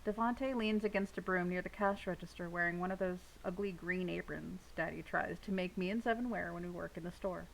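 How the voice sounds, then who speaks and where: A woman reading a novel aloud with steady first-person narration. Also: fairly low pitch, a little fast, vocal fry, hardly any pauses, slight background noise, rough recording. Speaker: audiobook reader.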